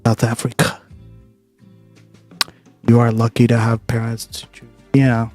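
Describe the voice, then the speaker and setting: A man hosts a livestream, chatting casually and profanely with his viewers. His mid-range voice is monotone, unhurried and darkish in tone, with faint music in the background.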